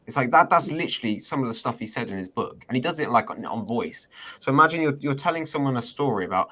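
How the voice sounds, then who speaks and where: Fast-talking husky-voiced man. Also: mid-range voice, expressive, bright, forceful tone. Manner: rapid, gossipy retelling, mocking voices. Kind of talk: casual podcast chat.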